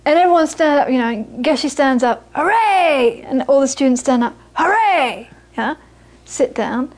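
A woman giving a Buddhist talk, telling stories with lively acted-out quotes and then turning soft and earnest as she teaches. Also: high-pitched, normal speed. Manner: lively storytelling, acts out the people she quotes. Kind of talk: dharma talk to a small audience.

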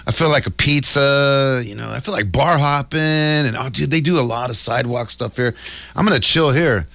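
A man's voice: medium pitch, normal speed, vocal fry, bright, forceful tone, no echo. A man voicing a middle-aged liquor store manager who talks in easygoing slang. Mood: laid-back.

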